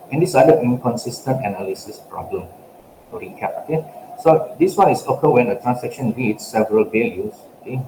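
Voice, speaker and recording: A man giving a recorded lecture, stepping through a worked example and checking in with "okay" after nearly every phrase. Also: mid-range voice. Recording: echoey room with steady background noise.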